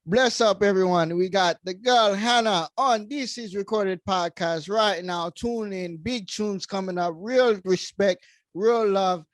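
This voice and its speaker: A man voicing a hyped-up radio announcer with a put-on Jamaican accent, calling out loud. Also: sits high, measured pace, dry recording, clean studio sound, voice pushed up. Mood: hyping.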